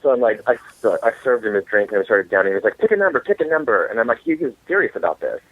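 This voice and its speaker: A man, an author and guest, telling comic dating stories in an animated way. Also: on the low side, fast talker, dry recording. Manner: animated, comic storyteller acting out quotes. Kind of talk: storytelling interview. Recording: tinny phone line.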